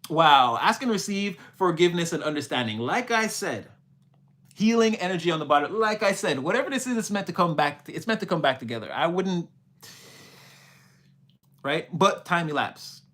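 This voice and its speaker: Man, young adult, livestream reader, casual, rambling, repetitive, fairly high voice. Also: animated, normal speed, a bit bright. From Canada. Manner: rambling, repeats himself, exclaims "wow". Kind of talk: casual livestream reading and chat.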